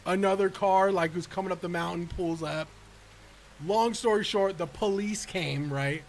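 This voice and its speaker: An animated male gaming streamer with a high-pitched voice, talking in slangy, casual storytelling and laughing often. Faint background noise sits behind him. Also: moderate pace. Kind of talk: casual storytelling while playing.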